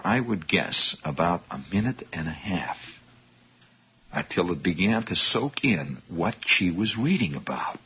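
A man's voice: low-pitched, breathy edge. A man telling a rambling story, with restarts and asides to his listeners. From Indiana, US. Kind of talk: storytelling monologue. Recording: dull lo-fi recording.

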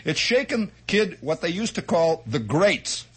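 A man telling a comic childhood story as a monologue, animated and chatty, with asides and mouth sound effects. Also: a little high, measured pace, slightly rough. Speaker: radio storyteller.

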